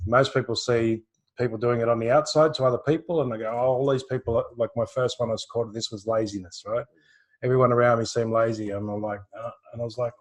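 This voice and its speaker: A man's voice: medium pitch, steady tone, brisk. An Australian man leads a live intuitive reading in a loose, chatty way. He circles back over his own words and breaks into laughs, and he sounds like he is on a video call. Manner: rambling, repeats words, laughs often. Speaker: intuitive reader, co-host. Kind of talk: live online session, casual chat.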